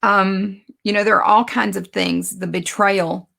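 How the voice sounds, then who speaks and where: A woman giving a conversational sermon, telling stories and slowing down to stress her points. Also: medium pitch, fairly even intonation, creaky, sharp tone. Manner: conversational, storytelling, self-deprecating asides. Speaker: speaker teaching a Bible lesson.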